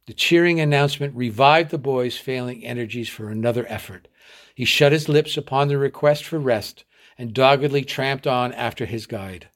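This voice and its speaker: A man from a readers' theatre reading a short story aloud in a measured storytelling voice. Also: medium pitch.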